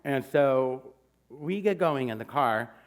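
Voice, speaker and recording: A man in his forties telling a comic personal story live, in an animated, punchy and self-mocking way. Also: medium pitch, slow. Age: 40s.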